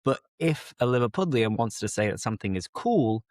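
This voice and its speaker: A man's voice: medium pitch, big pitch swings, a little fast, darkish tone, no room sound, studio quality. A young English man hosting a podcast for learners, chatting casually and explaining words with enthusiasm. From England. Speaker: English teacher and podcast host.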